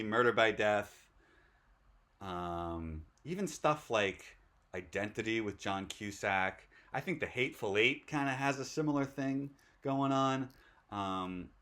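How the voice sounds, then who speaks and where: An excitable male host chatting casually, his pitch leaping all over the place as he gets carried away. He rambles and circles back on himself, piling on asides and restarts. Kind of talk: casual movie chat.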